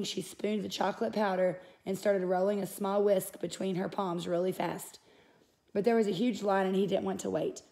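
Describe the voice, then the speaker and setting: A woman's voice: medium pitch, mellow. A woman reading a first-person novel aloud in an unpolished way, with small slips and self-corrections. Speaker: audiobook reader.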